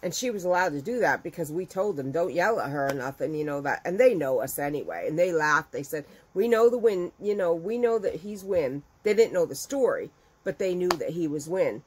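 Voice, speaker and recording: A middle-aged woman with a slightly low-pitched voice chats casually with her viewers. She tells stories with lots of animation and acts out what other people said, jumping up sharply in pitch. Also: brisk, slight background noise, rough recording. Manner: chatty and animated, acting out quotes with big jumps in pitch. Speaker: crochet business owner and video host.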